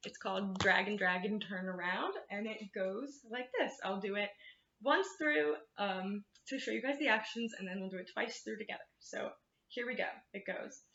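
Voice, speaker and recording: A woman's voice: medium pitch, normal speed, slight background noise. A woman librarian reading picture books aloud to children, talking to them in a sing-song way. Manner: warm, sing-song, talks to kids. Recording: roomy, slightly dull sound.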